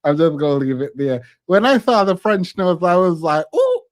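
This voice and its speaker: A man's voice: on the high side, animated, normal speed, no echo, clean studio sound. A man hosting a live stream, telling a story in a casual chat and laughing often. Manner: laughs often, talks animatedly.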